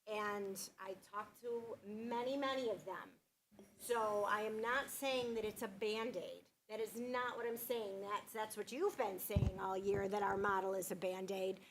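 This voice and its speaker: A woman with a fairly high voice pushes back on a colleague at a school board meeting. She insists on her point and repeats her denials firmly. Faint room noise sits behind her. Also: fairly bright tone, low-quality recording. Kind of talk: public meeting debate.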